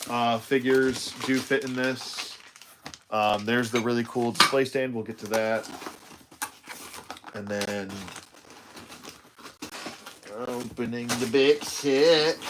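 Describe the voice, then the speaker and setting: A man's voice: mid-range voice, noisy background. A tired man chatting casually while he unboxes a toy live, rambling with self-deprecating asides. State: tired, yawning.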